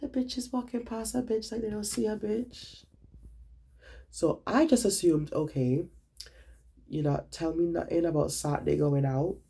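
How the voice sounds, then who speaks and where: A young man, a student, retelling his day in a casual vlog, animated and dramatic, swearing freely. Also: high-pitched, moderate pace, creaky, breathy edge.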